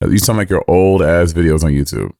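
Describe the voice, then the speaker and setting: A man's voice: low-pitched, animated, a little fast, vocal fry, dark tone, no room sound, studio quality. A man co-hosting a podcast in a sassy, teasing casual chat. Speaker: podcast co-host.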